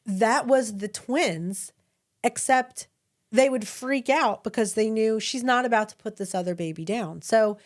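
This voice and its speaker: A woman's voice: a little high, measured pace. A woman in her thirties co-hosting a podcast, telling family stories in casual chat and laughing often. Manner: animated storyteller, laughs often. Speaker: podcast co-host.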